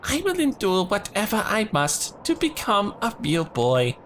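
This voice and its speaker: A woman's voice: medium pitch, huge pitch swings, unhurried, slight background noise. A woman voicing an innocent, childlike mammet that longs to be a real boy, speaking earnestly. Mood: pleading. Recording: game audio with faint music.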